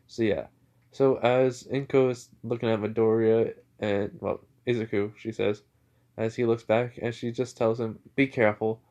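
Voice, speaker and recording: A man casually telling a fan-fiction story out loud, rambling with lots of filler words. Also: medium pitch, flat delivery, a little slow.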